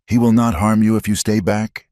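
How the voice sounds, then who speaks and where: A man playing a fierce shouting frontier woman. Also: low voice, sing-song, normal speed, no room sound, studio quality, pitched above the performer's own voice, full character voice. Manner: shouting, defiant.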